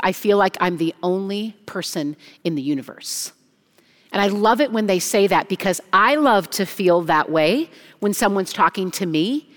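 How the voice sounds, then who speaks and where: A young adult woman, a junior high pastor, preaching an animated chapel sermon and acting out the voices she quotes. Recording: long hall reverb.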